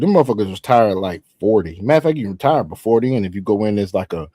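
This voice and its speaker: A man's voice: lowish voice, no room sound. A man co-hosting a podcast, reacting and swearing in loose casual banter. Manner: animated, swearing, quick reactions. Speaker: podcast co-host.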